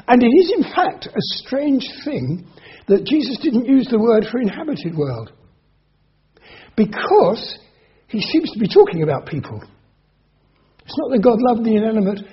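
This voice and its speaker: A man preaching a sermon in an emphatic way, slowing down and repeating key phrases. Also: high voice, husky. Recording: dull lo-fi sermon recording.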